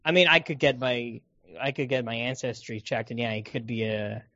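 A man's voice: mid-range voice, fairly even intonation, normal speed, bright, forceful tone, dry recording. A man in his twenties chatting casually about a movie, rambling and joking with frequent laughter. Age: 20s. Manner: rambling, jokey, laughs often. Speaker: podcast co-host. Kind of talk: casual movie review chat. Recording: dull lo-fi sound.

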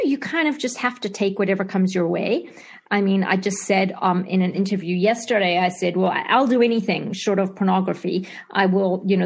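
A middle-aged woman with a Zimbabwean accent tinged American, an actor-writer chatting in a remote interview with many fillers and restarts. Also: mid-range voice. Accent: Zimbabwean with American and British tinges. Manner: hesitant, many restarts and fillers, laughs often.

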